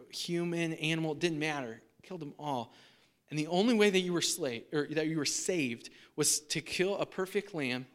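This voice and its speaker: A man preaching a sermon in a casual, chatty way, often asking "right?". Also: fairly high pitch. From United States. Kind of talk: conversational sermon.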